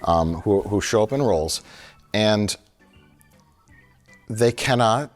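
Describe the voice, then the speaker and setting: Low, rambling co-host, halting and jokey, faint music behind. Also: male voice, expressive. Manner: rambling, halting, full of fillers; jokey, slips into silly voices. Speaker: film review show co-host. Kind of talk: casual movie chat.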